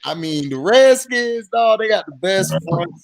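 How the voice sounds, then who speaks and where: Animated Southern man telling sports stories. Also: high-pitched, unhurried, gravelly, dry recording. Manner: animated storytelling, swearing, laughing. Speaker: host. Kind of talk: casual sports chat.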